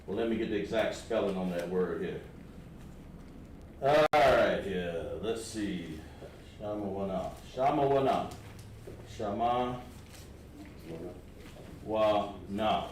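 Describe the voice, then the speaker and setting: A man's voice: lowish voice, takes it slowly, pauses often, darkish tone. A man with a Southern American accent, patiently explaining a lettering lesson step by step to a class. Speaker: Hebrew lettering teacher. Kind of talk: classroom instruction. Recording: echoey room with background noise.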